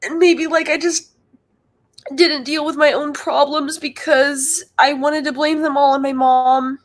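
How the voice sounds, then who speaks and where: A woman talking on a livestream, rambling and halting, with heavy use of filler words and a soft, unsure delivery. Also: high-pitched, flat delivery. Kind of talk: confessional livestream talk.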